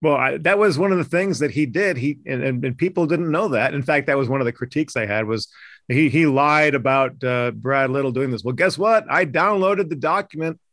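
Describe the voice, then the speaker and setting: A man's voice: mid-range voice, fairly quick, a bit bright, dry recording, studio quality. A man hosting a political talk podcast, talking emphatically and indignantly with frequent restarts. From Idaho. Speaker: podcast host, news editor.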